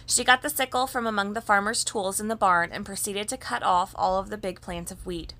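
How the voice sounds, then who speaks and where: A woman reading a children's story aloud in an even, gentle storybook manner. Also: medium pitch, fairly quick.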